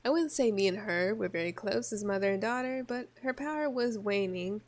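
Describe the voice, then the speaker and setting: A woman voicing a languid noble countess while reading a visual novel aloud in voices, with a slow, drawn-out, mock-regal delivery. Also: medium pitch, animated, natural voice. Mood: wistful.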